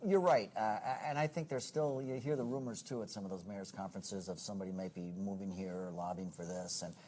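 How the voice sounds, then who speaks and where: A man who serves as a city mayor, answering in a conversational interview in a halting, earnest way and often repeating words. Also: low voice, dark tone, a little hiss or hum.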